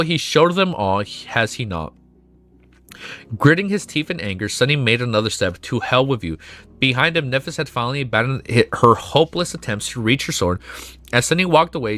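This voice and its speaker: A man streaming live, reading a novel aloud and breaking into excitable reactions full of swearing and laughter. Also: medium pitch.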